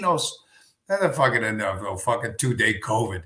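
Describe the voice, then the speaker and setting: A man's voice: medium pitch, moderate pace, pushed and bright, echoey room. A man hosting a casual livestream, rambling and telling a story with lots of swearing, fillers and restarts. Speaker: livestream host. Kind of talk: casual chat stream.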